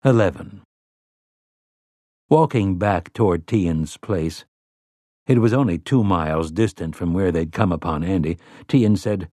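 A man narrating an audiobook in measured, expressive storytelling. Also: low-pitched, dry recording, studio quality. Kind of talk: scripted narration.

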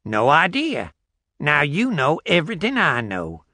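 A man's voice: on the high side, wildly swooping pitch, measured pace, sharp tone, no echo, voice pushed up, exaggerated voice. A man voicing a laconic old rural backwoods man with clipped, folksy replies.

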